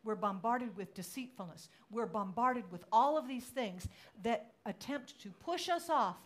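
A woman's voice: lively intonation, measured pace. Woman pastor preaching with dramatic flair. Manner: dramatic, acts out quotes with rising pitch and volume; conversational storytelling with fillers. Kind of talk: sermon.

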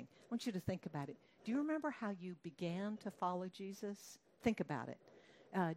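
Woman, preacher, conversational sermon, lowish voice, asks questions, acts out quotes. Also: a little mellow, slight background noise. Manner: acts out quoted lines with raised pitch.

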